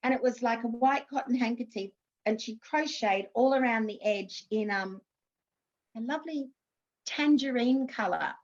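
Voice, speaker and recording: A woman's voice: on the high side, normal speed, lo-fi sound. Chatty Australian woman telling stories. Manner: chatty, warm anecdotes with laughs and restarts. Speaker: guest, former TV actress. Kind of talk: casual interview storytelling.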